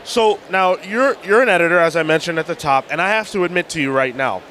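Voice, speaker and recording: A man's voice: fairly high pitch, fast talker, sharp tone. A tired man hosting a podcast, eagerly interviewing a guest at a busy convention. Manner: eager, friendly questioning. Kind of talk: casual interview. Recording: noisy convention floor.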